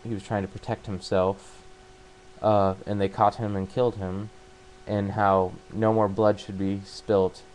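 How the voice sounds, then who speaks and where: Man, deep-ish voice, monotone, hesitant, lots of ums and restarts, casual plot recap. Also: a little hiss or hum, rough recording. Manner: halting, full of fillers and restarts. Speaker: book summarizer. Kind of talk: casual spoken plot retelling.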